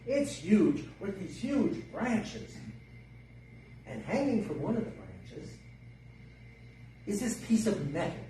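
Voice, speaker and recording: A man telling a story to a workshop class in a lively, dramatic way. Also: fairly high pitch. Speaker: workshop teacher. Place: workshop room. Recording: echoey room, distant mic, faint noise.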